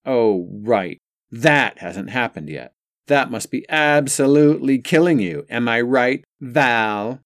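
A man's voice: medium pitch, lively intonation, slow, no room sound, clean studio sound. A man voicing an arrogant, privileged young male student who speaks in a sneering, mocking way in an audiobook.

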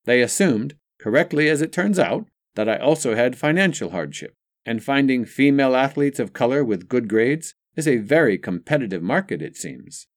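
Frank, wry young mother, voiced by a male narrator; plain-spoken, lively. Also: mid-range voice, normal speed, pitched above the performer's own voice, lightly acted.

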